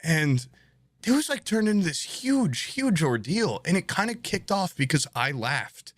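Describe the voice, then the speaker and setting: A man's voice: fairly high pitch, very animated, a little slow, fairly bright tone, slight background noise. A young man telling a funny story on a podcast, laughing often and swearing as he talks. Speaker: podcast co-host. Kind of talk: casual comedic storytelling.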